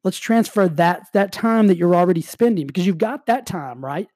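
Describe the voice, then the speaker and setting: An energetic man delivers a motivational talk in a casual, rambling way, with "like" dropped through his sentences. His voice is dark and mellow, recorded dry and close, with a slight cough in the background of his health. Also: high-pitched, moderate pace, no room sound. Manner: energetic, casual, heavy use of "like". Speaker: motivational speaker. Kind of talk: motivational monologue.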